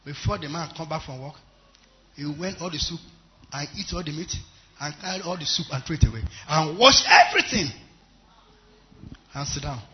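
A man preaching a sermon with a Nigerian English accent, swinging between loud exhortation and quiet storytelling, in a church service. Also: on the high side, expressive, normal speed, long pauses. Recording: muffled recording.

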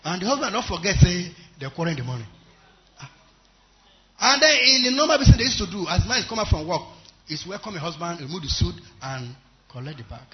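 A man preaching a sermon with a Nigerian English accent, swinging between loud exhortation and quiet storytelling, in a church service. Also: sits high, big pitch swings, fast. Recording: muffled recording.

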